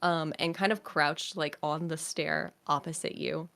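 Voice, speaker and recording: A woman's voice: low voice, steady tone, unhurried, gravelly, fairly bright tone. Hesitant woman narrating a tabletop game. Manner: hesitant, filler-heavy descriptive narration. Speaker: game master.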